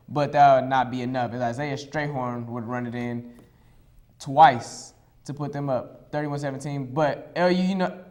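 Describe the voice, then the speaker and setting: A young man reads through college football highlights as a sports show co-host. His voice is mid-range, and he stays upbeat, restarting phrases as he goes. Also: a little mellow. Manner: upbeat, repeats himself when restarting. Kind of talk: highlight play-by-play commentary.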